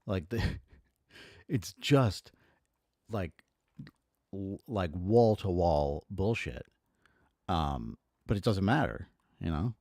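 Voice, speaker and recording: A man with a very low voice reads aloud haltingly and stops to complain with blunt, profane asides. He sounds close to the mic in a dry, dead room, full of ums and restarts. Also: expressive, a little mellow, no room sound. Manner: exasperated, profane asides between halting read-aloud passages. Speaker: streamer reading and commenting on a historical text. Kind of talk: casual reading with commentary.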